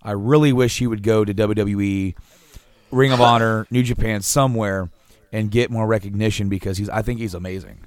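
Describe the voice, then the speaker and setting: A man's voice: on the low side, steady tone, fairly quick, no echo. A man co-hosting a casual podcast chat, rambling with restarts, laughing often and swearing casually. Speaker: podcast co-host.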